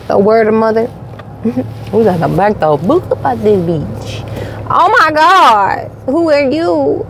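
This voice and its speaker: A woman's voice: on the high side, lively intonation, a little slow, background noise. A woman vlogging from inside her car, joking around in a playful, slangy way. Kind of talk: casual rambling selfie vlog. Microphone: camera mounted in the car.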